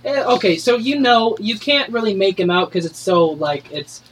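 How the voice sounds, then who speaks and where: A man's voice: high voice, expressive, moderate pace, a bit bright, slight background noise, rough recording. A man narrating as game master in a tabletop game, casual and rambling. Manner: casual, rambling, many fillers and restarts.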